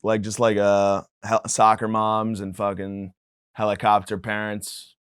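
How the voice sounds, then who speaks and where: A man's voice: lowish voice, completely flat delivery, measured pace, clear, resonant tone, no room sound, clean studio sound. A man hosting a podcast, delivering a profane, rambling comedic monologue with mock indignation. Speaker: podcast host.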